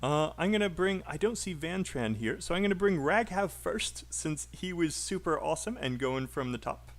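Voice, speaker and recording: A man's voice: on the high side, animated, normal speed. A British man teaching an online English speaking class, coaching students with encouraging feedback. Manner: encouraging, coaching, filler-heavy.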